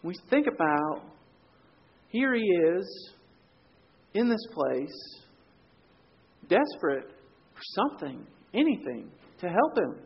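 Man, pastor, conversational sermon, husky, dull muffled recording. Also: high voice, sing-song, slow, pauses often. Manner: conversational storytelling, drops to quiet for emphasis.

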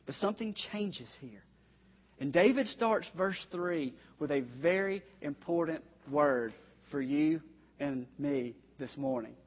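Husky-voiced male preacher in a hall. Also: on the high side, unhurried. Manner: earnest, direct appeals to the congregation. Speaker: pastor. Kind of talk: sermon. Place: church sanctuary. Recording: dull, echoey recording in a long-reverb hall.

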